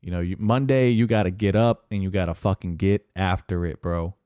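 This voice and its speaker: A man with a lowish, smooth voice, recorded dry and close, hosting a casual solo podcast rant. He rambles and swears constantly, with plenty of "uh"s and restarts. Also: fairly even intonation, brisk, dark tone, dry recording. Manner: profane, rambling, heavy swearing; filler-heavy, restarts often. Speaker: podcast host.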